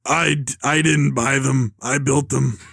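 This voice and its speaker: A man reading the lines of a hot-tempered armed male bank robber villain, gruff and threatening. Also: medium pitch, fairly even intonation, a little slow, a bit bright, dry recording, clean studio sound, full character voice. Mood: defensive.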